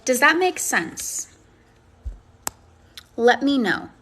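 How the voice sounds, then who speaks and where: A woman's voice: high voice, sing-song, very slow, a bit bright, slightly rough. A woman coaching and chatting on a phone live stream, effusive and encouraging as she answers comments. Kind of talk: casual live-stream chat, reading comments.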